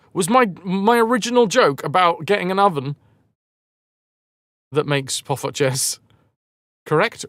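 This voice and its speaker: A man's voice: fairly high pitch, fairly bright tone, dry recording. A man live-streaming a game, chatting casually with viewers in a rambling, self-mocking way and swearing freely.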